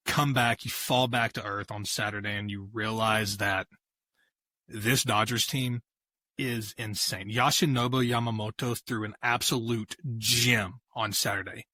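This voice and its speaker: Bright, lively sports podcast man. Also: lowish voice, a little slow, no room sound. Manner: animated, laughs easily. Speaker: podcast co-host. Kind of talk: casual sports chat.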